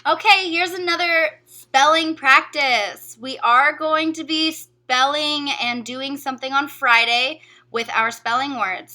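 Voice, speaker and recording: Slow, bright-voiced woman teaching phonics. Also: high voice. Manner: slow, careful sounding out of letters and words. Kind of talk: recorded phonics lesson for young students.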